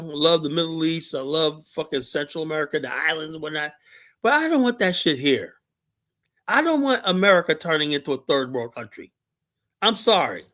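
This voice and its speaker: A man's voice: a little high, sharp tone. A middle-aged man from Liberia co-hosting a talk show, ranting in a profane, rambling way with lots of fillers. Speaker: show co-host. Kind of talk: heated opinion talk.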